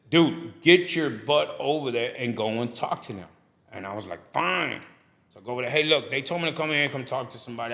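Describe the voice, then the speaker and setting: A man's voice: medium pitch, gravelly. A middle-aged man, a guest telling stories on a casual podcast and acting out the people he quotes. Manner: animated storyteller who acts out quoted people. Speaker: guest, barbershop owner and pastor.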